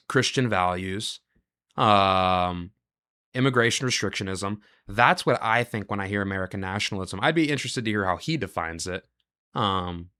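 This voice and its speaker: A male show host delivering a reaction monologue, asking rapid rhetorical questions and running through long lists of ideas. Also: fairly low pitch, pushed and bright.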